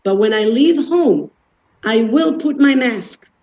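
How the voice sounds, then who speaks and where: A woman's voice: on the high side, expressive, slow, a little mellow. A woman giving an earnest explanatory talk, walking through everyday examples without judging anyone. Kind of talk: explanatory talk on defense mechanisms. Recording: dull lo-fi recording.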